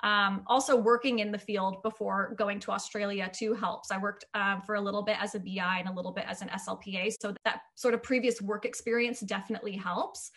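A woman from Canada, a speech-language pathologist guest in a casual podcast interview, upbeat and animated and laughing as she explains. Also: medium pitch, a little fast, hardly any pauses.

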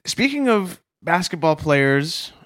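A man's voice: fairly high pitch, big pitch swings, takes it slowly, a bit bright. A young Canadian man co-hosting a comedy podcast, telling stories with dry, sardonic humor. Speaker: podcast co-host. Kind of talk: casual comedic chat.

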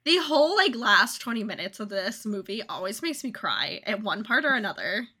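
A woman's voice: medium pitch, normal speed. A young woman co-hosting a podcast, chatting casually and acting out characters' lines. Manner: animated, acts out characters' lines. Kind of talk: casual chat.

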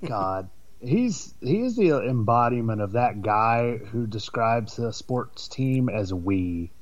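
A man's voice: mid-range voice, big pitch swings, slow, lo-fi sound. A man co-hosting a podcast, wry and joking, laughing often. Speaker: podcast co-host. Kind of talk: casual chat.

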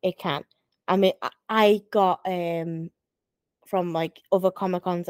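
A woman's voice: fairly low pitch, steady tone, measured pace, darkish tone, clear, resonant tone, no echo, studio quality. A woman co-hosting a podcast in easygoing casual chat, filling with "like" and "you know". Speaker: podcast co-host.

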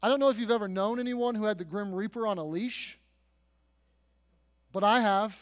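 A high-voiced male pastor preaches with dramatic storytelling, sinking to soft passages and swelling to loud, emphatic peaks. His voice rings out with a long reverb, as in a large church sanctuary. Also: normal speed. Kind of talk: sermon.

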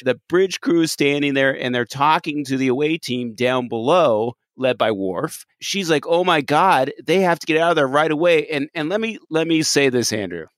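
A man's voice: fairly high pitch, no echo, clean studio sound. Ranting enthusiastic man co-host. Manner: enthusiastic, ranting, laughs often. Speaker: podcast co-host. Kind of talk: casual chat reviewing a TV episode.

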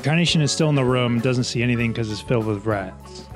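A man's voice: mid-range voice, fast talker, over music. Thoughtful male tabletop player. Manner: thoughtful, checking rules aloud. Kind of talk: describing his characters' actions.

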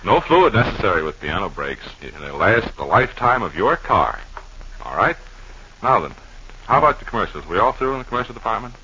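A man hosting a 1940s radio comedy, tossing off deadpan absurd asides in a halting ad-lib style. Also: lowish voice, slight background noise. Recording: dull old radio broadcast recording.

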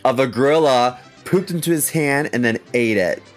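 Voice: medium pitch, animated, moderate pace, faint music behind. A podcast co-host chatting casually, tossing in dry, crude jokes. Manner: dry jokey asides. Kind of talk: casual comedy chat.

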